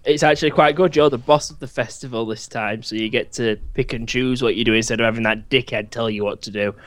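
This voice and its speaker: A man's voice: medium pitch, steady tone, fast, a bit bright, no echo. A man co-hosting a casual podcast, laid-back and sweary, often talking over the host.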